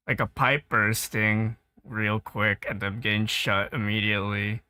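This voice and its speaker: Slow-talking man chatting on an art stream. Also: on the low side, clean tone. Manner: relaxed, rambling, quick to laugh. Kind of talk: casual art stream chat.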